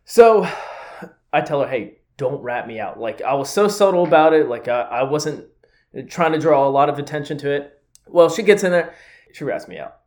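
Young guy, a bit higher voice, loose casual storyteller who laughs through his anecdotes. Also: lively intonation, normal speed, darkish tone. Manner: chatty, swears freely, laughs through his stories.

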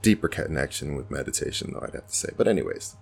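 A man with an extremely deep voice and a gravelly, fry-heavy edge hosts a podcast. He muses in an earnest, reflective way, as if thinking aloud in a casual spiritual monologue. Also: expressive, fast talker. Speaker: podcast host.

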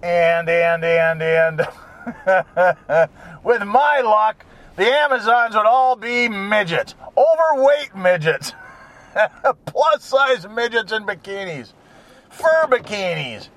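A man's voice: high-pitched, expressive, takes it slowly, fairly bright tone. A man delivering a rambling, crude, joking monologue with frequent chuckles and wandering asides.

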